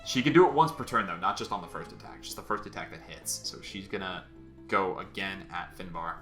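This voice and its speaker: A man narrating as game master of a tabletop game, casual and halting, with frequent ums. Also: low voice, a bit bright, soft background music.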